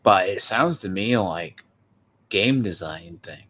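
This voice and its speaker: A man's voice: deep voice, expressive, takes it slowly, fairly bright tone, husky. A man hosting a reaction video, giving opinionated casual commentary and checking that his friend agrees. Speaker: video host reacting to a clip.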